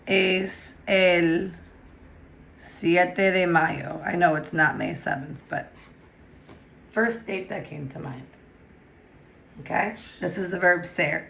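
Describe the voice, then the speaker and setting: A woman's voice: lowish voice, a bit bright. A woman teaching a recorded grammar lesson, patient and often checking with "okay?". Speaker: Spanish teacher.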